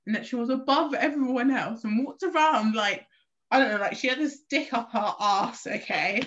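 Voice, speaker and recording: A woman's voice: on the high side, normal speed, fairly bright tone, highs cut off. A young woman from South East London, chatting frankly and casually and laughing easily. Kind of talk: casual chat.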